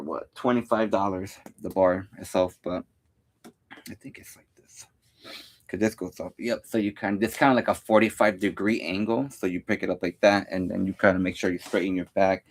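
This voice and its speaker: A young man walks through his home workout in a loose, rambling way, full of fillers. His voice sits slightly low, and he counts each rep out loud as he goes, sometimes a little winded. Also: steady tone, moderate pace. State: out of breath at times. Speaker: fitness vlogger. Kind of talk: casual workout demonstration.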